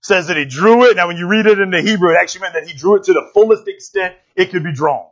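A man's voice: high voice, quick pace. A man preaching through a Bible passage, retelling the story in slangy, joking asides. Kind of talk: casual sermon storytelling. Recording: dull lo-fi recording.

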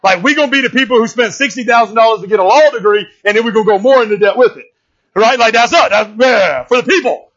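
High-voiced man preaching casually. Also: fast, a bit bright, muffled recording. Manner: conversational, keeps asking "right?"; folksy, joking slang. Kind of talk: casual sermon. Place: church.

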